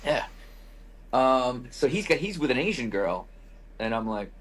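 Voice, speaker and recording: A male podcast host with a husky voice at an ordinary middle pitch spins a rambling travel anecdote. He keeps it loose and wry, drops in mild profanity, and acts out quoted remarks as he goes. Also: sing-song, measured pace, a bit bright. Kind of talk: casual storytelling.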